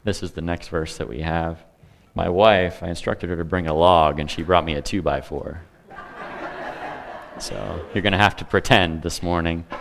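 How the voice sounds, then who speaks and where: A man's voice: low voice, clean tone. A man preaching a sermon in a conversational way, with humor and asides to the congregation. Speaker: pastor.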